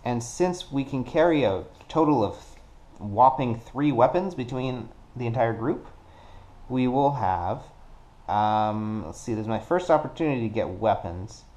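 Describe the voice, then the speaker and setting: A man casually narrating a solo card game play-through, working things out deliberately and counting dice aloud. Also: mid-range voice, expressive, a little mellow, a little hiss or hum. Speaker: board game player.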